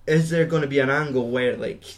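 A man's voice: mid-range voice, brisk. Young man, podcast co-host, casual film chat, rambling, sweary. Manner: rambling, sweary, laughs often.

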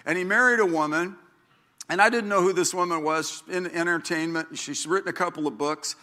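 Bright-voiced grandfatherly pastor preaching. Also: a little fast. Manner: animated, chatty, acts out quotes with big pitch jumps. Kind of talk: sermon.

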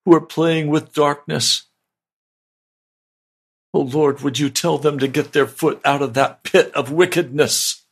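A man's voice: fairly high pitch, creaky, breathy edge. A man hosting a radio broadcast, praying and preaching fervently and pleadingly. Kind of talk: radio sermon and prayer.

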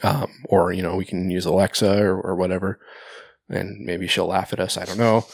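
A man's voice: low-pitched, level tone, moderate pace, gravelly, slightly rough, dry recording. Rambling, laughing male podcast host. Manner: rambling, profane, laughs often. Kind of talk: casual chat.

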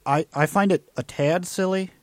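A man's voice: sits high, moderate pace, no echo. A man co-hosting a sports podcast, chiming in with wry, joking asides in casual chat. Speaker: podcast co-host.

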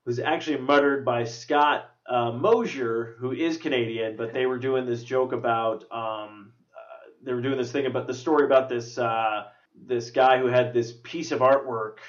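A male podcast host in loose movie-review chat, mid-pitched and rambling, full of fillers and casual swearing. The sound is dull and lo-fi. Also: fairly even intonation, moderate pace, distant mic. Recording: dull lo-fi recording.

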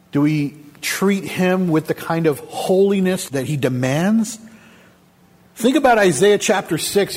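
A man preaching a sermon to his congregation, speaking with emphasis and asking them rhetorical questions. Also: on the high side. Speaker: pastor. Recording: long hall reverb.

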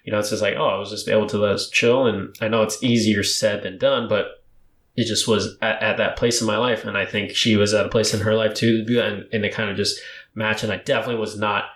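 A man's voice: fairly low pitch, fast talker. Roomy-sounding young man telling a story. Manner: rambling, animated storytelling with fillers. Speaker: podcast guest. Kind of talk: casual chat. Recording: roomy echo.

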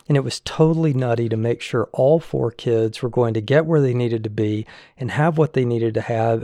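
A man reads a first-person diary entry aloud, his voice sitting at an ordinary middle pitch. He keeps a frank, measured tone that now and then sharpens into exasperation. The recording is dry, with no room sound. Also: a little mellow, no room sound.

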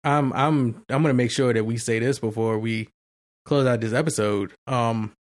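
A man co-hosts a casual podcast, talking loose and slangy at a middling pitch. He leans hard on his words when he urges listeners to call in. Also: steady tone, normal speed. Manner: loose, slangy, emphatic pleading. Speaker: podcast host. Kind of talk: casual chat.

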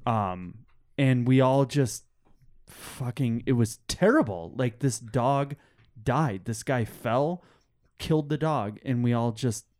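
A man's voice: mid-range voice, takes it slowly, darkish tone. A young man hosting a casual podcast chat, rambling and sweary, often laughing. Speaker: podcast host.

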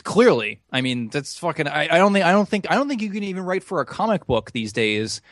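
Podcast co-host, male, slightly high voice, rambling and profane, dry close recording. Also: very animated, brisk, fairly bright tone, dry recording. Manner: rambling, profane, self-deprecating. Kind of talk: casual chat.

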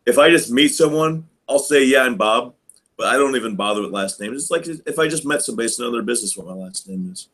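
A man co-hosting a podcast, chatting casually and telling rambling stories, slipping into quick mimicry of the people he quotes. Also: mid-range voice, expressive, fairly bright tone, breathy edge. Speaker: podcast co-host. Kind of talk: casual chat.

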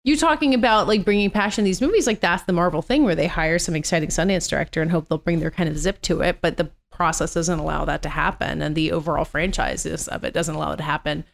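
A woman with a somewhat low voice talks through film ideas on a podcast. Her delivery is fluent and explanatory. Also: quick pace, vocal fry, few pauses. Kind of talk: casual chat.

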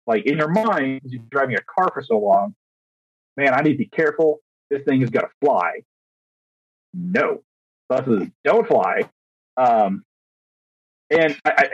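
A young man with a husky, mid-pitched voice tells a story on a podcast in a casual, animated way, acting out quotes and stumbling into restarts. He is recorded dry and close, with a slightly dull, lo-fi tone. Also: dry recording. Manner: animated, acts out quotes, frequent restarts and fillers. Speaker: podcast co-host, teacher.

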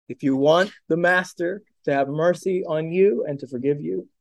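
A man preaching a sermon as pastor, retelling a parable with lively storytelling and rhetorical questions. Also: on the high side, dry recording.

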